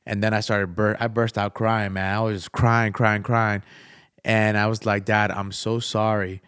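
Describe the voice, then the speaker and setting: A young man speaks with earnest emotion as he tells a personal story on an interview podcast. His voice sits a little low, smooth and resonant, and it is recorded dry and close. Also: little pitch movement, moderate pace, a bit bright, dry recording. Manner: earnest, emotional, faith-filled, speaks of a father's love. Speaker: interview guest. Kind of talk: heartfelt conversational storytelling.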